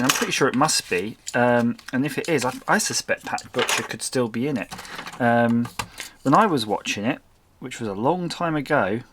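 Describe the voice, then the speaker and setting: A man talks casually while he crafts. He keeps up a chatty flow of self-mocking remarks and quiet muttered asides. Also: mid-range voice, a little hiss or hum. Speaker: crafting channel host. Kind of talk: casual chat while making a collage.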